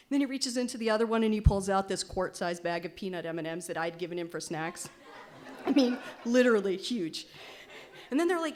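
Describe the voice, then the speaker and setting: A woman in her forties telling a personal story at a live storytelling event. She speaks at a middling pitch and keeps her delivery animated and wry, with good comic timing.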